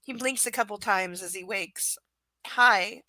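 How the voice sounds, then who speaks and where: A woman's voice: mid-range voice, slow, sharp tone, dry recording, rough recording. A woman streaming a live reading of a novel, breaking off for chatty, joking asides. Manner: chatty, jokey asides between passages. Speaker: livestream reader.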